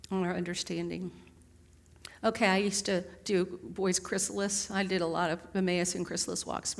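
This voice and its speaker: A woman's voice: mid-range voice, creaky. Woman preaching with rhetorical questions. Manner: conversational and warmly humorous, with rhetorical questions. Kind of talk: sermon.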